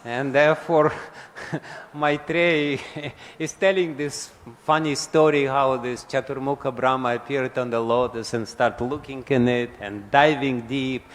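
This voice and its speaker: A man's voice: mid-range voice, steady tone, measured pace. A man giving a scripture lecture to an audience, often asking them questions and chuckling as he explains. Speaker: spiritual lecturer. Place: large temple hall. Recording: long hall reverb.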